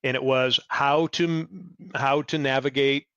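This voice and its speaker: A man in his sixties, a podcast guest, telling stories in a lively way and acting out what people said. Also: measured pace, clear, resonant tone, dry recording, dull audio. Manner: animated, acts out quoted exchanges in a higher voice. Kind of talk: storytelling interview chat.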